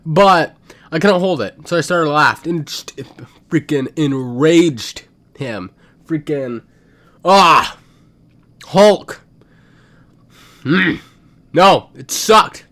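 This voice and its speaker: A young man telling a comedic story, swinging between loud outbursts and muttered asides. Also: on the high side, animated, slow pace.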